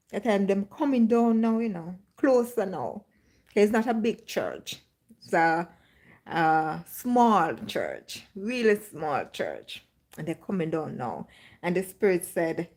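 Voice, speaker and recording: A woman's voice: mid-range voice, expressive, takes it slowly, darkish tone. A woman hosting a livestream, telling a personal faith testimony as a story with dramatic re-enactments. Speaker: livestream host.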